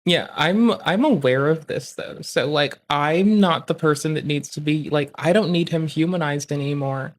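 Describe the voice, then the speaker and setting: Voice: mid-range voice, normal speed, hardly any pauses. A streamer reacting to a clip live, rambling and swearing with many fillers. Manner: rambling, profane, lots of fillers.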